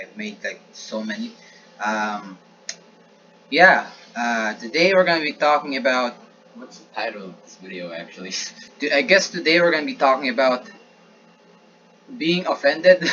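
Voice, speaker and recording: A man's voice: medium pitch, sharp tone. A young man in casual, rambling talk, hesitant and full of restarts, recorded on an improvised homemade mic. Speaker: amateur video maker. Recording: dull lo-fi sound with faint noise.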